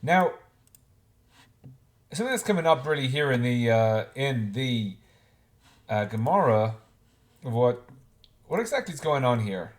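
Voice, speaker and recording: A man's voice: mid-range voice, sing-song, a little slow, pauses often. Man teaching Talmud, thinking aloud. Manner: thinks aloud with frequent restarts, mixes Hebrew-Aramaic terms into explanations. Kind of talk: informal Talmud class.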